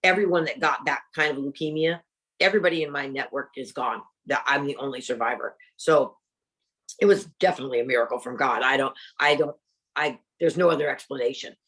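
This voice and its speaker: A woman's voice: a bass voice, brisk, a bit bright. A middle-aged woman, an interview guest, candidly telling a personal story and acting out the dialogue.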